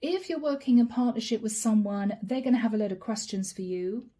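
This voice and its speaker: A woman delivers a channeled tarot reading, talking straight to the listener and calling them by their star sign. Her voice sits a little high but sounds deeply mellow and warm. She keeps the talk animated, then drops to a near whisper each time she names a card. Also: brisk. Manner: drops to a soft whisper when naming cards. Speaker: tarot reader.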